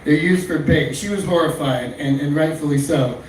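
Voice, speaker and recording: Fairly high-voiced male comic, crude and rambling, heard from far off in a very echoey club room. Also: normal speed, a little mellow. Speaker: stand-up comic. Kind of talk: stand-up comedy set. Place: small comedy club stage. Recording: echoey room, far-off mic, faint noise.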